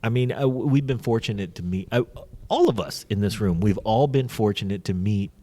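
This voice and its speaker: A man's voice: fairly low pitch, brisk, warm tone. A man hosting a podcast, telling stories in casual chat, laughing often and swearing casually. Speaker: podcast host.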